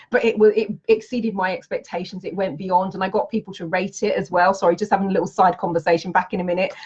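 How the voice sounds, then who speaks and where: Brief: bubbly, enthusiastic woman, mid-pitched, chatty live-stream host, slightly dull lo-fi audio. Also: husky. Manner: bubbly, enthusiastic, laughs often. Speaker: tarot reader and trainer. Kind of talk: Facebook Live chat with viewers.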